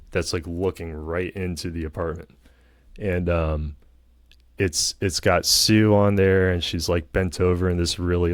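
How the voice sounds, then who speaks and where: A man's voice: sits low, dry recording, clean studio sound. A man vlogging a casual film review, rambling with lots of fillers and hedges.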